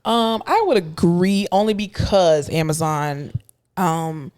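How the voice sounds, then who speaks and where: A woman co-hosting a podcast in casual chat, filling her talk with "um" and quick agreements. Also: fairly low pitch, darkish tone, clean tone. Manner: chatty, with many fillers and affirmations. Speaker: podcast co-host.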